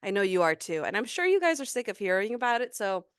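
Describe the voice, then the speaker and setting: Pregnant woman in her thirties, podcast co-host, smooth and clear, close dry mic, chatty run-on storyteller. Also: mid-range voice, big pitch swings, quick pace, dry recording. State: heavily pregnant. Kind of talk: casual chat.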